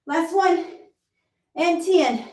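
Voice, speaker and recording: A high-voiced woman coaches a workout class at an unhurried pace, counting out each rep and reassuring her listeners. She is audibly out of breath. The sound is roomy, with the mic some distance away. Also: dark tone. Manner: counts reps aloud, encouraging and reassuring. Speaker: fitness instructor. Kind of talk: live workout class instruction.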